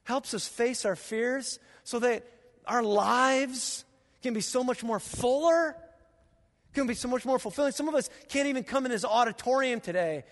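A man preaching a sermon as pastor, telling stories with animated sound effects in a church auditorium. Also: very high voice, normal speed. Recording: long reverb of a large auditorium.

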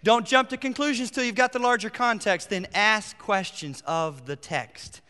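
A middle-aged man preaching a sermon as pastor, emphatic, rising to near-shouts on his key points. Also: high voice, moderate pace, clear, resonant tone. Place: church sanctuary. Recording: long hall reverb.

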